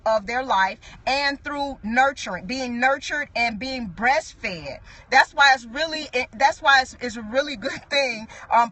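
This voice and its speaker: Middle-aged woman preaching, high bright voice, chatty and earnest, keeps restarting. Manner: earnest, conversational preaching with frequent restarts and asides. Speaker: apostle preaching. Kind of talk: sermon.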